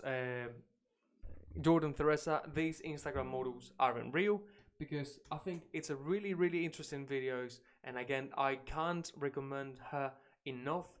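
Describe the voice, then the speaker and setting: A man who speaks Spanish natively, teaching English on a livestream in a chatty, blunt way and swearing now and then. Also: medium pitch. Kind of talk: casual livestream lesson.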